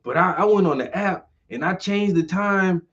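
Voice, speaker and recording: A brash, fed-up woman who curses freely, as a man puts her on in a story. She speaks a little higher than he does. The audio is slightly muffled. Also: moderate pace. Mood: indignant. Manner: blunt, profane, excited.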